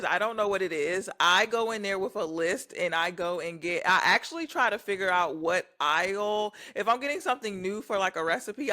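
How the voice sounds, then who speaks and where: Brief: woman, young adult co-host, blunt and laid-back, with a bright, cutting voice. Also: fairly low pitch. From southern Virginia, US. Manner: blunt, laid-back, uses slang and swears. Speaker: podcast co-host. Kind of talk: casual chat.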